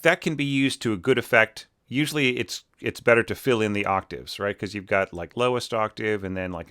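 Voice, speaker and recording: A man's voice: on the low side, bright, forceful tone. A middle-aged man critiquing an orchestral score in a casual, chatty way, full of fillers and sung-out musical phrases. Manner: chatty, filler-heavy, sings phrases with nonsense syllables. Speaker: orchestration teacher giving feedback.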